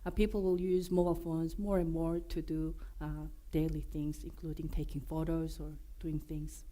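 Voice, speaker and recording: A woman with a Korean accent presenting at a developer conference, her voice hoarse from being unwell, joking and filling pauses with many fillers and restarts. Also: sits low, level tone, dark tone. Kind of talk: conference talk. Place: conference room.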